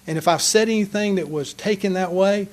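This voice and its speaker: A man with a drawl speaks at a council meeting podium with earnest, passionate conviction. His voice sits high for a man. He pleads rather than lectures, addressing the room directly. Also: a little fast. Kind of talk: public comment speech. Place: council chamber.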